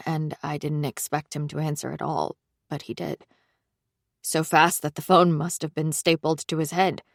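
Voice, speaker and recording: Slow, low-voiced woman audiobook narrator. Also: dry recording, clean studio sound. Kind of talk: first-person audiobook narration.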